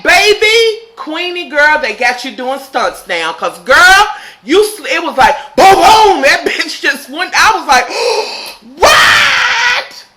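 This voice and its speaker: A woman casually recapping a TV episode, swearing freely and shouting in disbelief. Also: sits high. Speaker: TV episode reviewer.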